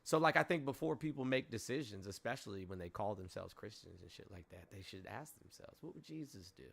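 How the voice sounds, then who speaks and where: Gravelly low man, blunt and skeptical. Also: fairly quick, fairly bright tone. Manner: blunt, skeptical, curt denials. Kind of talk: casual debate.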